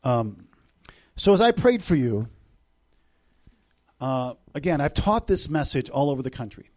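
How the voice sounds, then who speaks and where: Speaking at medium pitch and an unhurried pace, a middle-aged guest preacher addresses a congregation. His sermon is lively, alternating between booming moments and soft, personal passages, with humorous asides scattered throughout.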